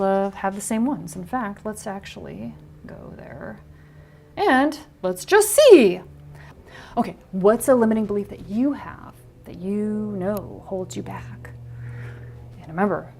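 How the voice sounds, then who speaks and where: A middle-aged woman coaching a live online workshop, blunt and emphatic, swearing freely as she reads back what attendees type. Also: mid-range voice. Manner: animated, quoting attendees' typed answers back.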